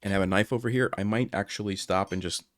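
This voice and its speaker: Deep-voiced man, voice still rough. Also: fairly even intonation, quick pace, fairly bright tone, no echo, studio quality. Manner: explains moves aloud as he plays. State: recovering from losing his voice. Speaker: chess streamer. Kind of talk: casual game commentary.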